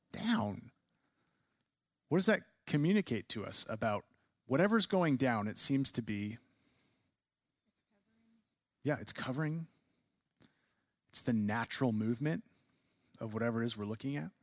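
A man's voice: medium pitch, very animated, unhurried, pauses often, no echo, clean studio sound. A man teaching a class, leading a discussion and asking students many questions. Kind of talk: classroom lecture.

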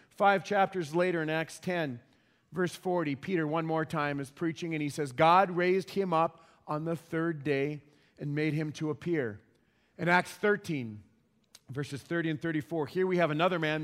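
A man's voice: a little high, normal speed. Emphatic man preaching a sermon. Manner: emphatic, repeats key points, asks the audience questions. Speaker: pastor.

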